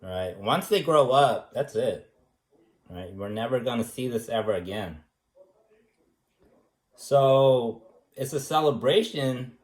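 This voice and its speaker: A man giving a rambling, joking recommendation speech as an art teacher, teasing in a deadpan way and tagging his points with questions. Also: mid-range voice, slow pace, long pauses. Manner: teasing, deadpan, many fillers and tag questions. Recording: echoey room.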